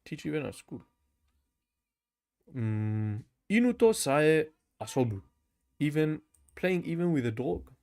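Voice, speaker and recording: A young man with a German accent talks to his camera in a casual livestream, slightly high voice. He reads comments, says bro constantly, laughs easily and drills phrases over and over. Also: big pitch swings, measured pace, pauses often, darkish tone. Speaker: language learner livestreaming. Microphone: camera mic.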